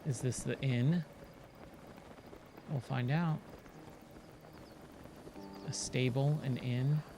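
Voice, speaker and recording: A man's voice: medium pitch, steady tone, drawn-out words, noisy background. A man streaming a video game, chatting casually and reading the on-screen text aloud. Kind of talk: casual let's-play commentary.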